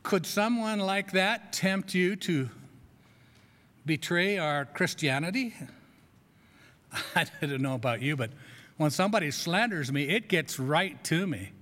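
A man's voice: fairly high pitch, expressive, a little slow, pauses often, pushed and bright. A male pastor giving a conversational, self-deprecating sermon in a church. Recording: long echo of a large hall.

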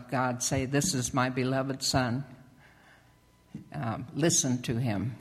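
A lay member of a church speaks from the pulpit, giving a halting testimony and announcements full of fillers and restarts. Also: mid-range voice. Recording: long reverb of a church hall.

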